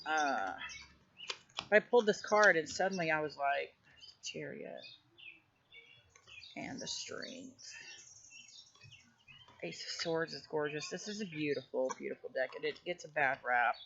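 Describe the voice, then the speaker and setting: A woman hosts her own channel in a loose, rambling vlog chat full of fillers, recorded outdoors. Her voice has a gravelly, fry-edged texture. The audio is dull and lo-fi, with faint birdsong behind her. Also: sits low, moderate pace, noisy background. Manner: rambling, chatty, many fillers. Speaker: tarot channel host. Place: outdoors near her house.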